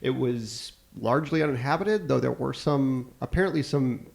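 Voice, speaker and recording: A man's voice: mid-range voice, normal speed, gravelly, a little mellow. A man co-hosting a comedy podcast who tells a history story in a rambling, jokey way and laughs between his own lines. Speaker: podcast co-host, history presenter.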